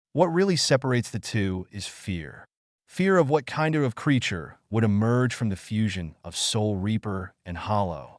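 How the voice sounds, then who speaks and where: A man voicing a calm, menacing male villain who lectures and sounds sinister, in a dry recording. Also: medium pitch, no echo.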